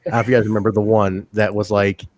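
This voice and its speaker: A man's voice: on the low side, level tone, very fast, darkish tone, no room sound. Profane storytelling man on a podcast. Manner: profane storyteller, acts out quotes. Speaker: podcast co-host. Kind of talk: casual chat.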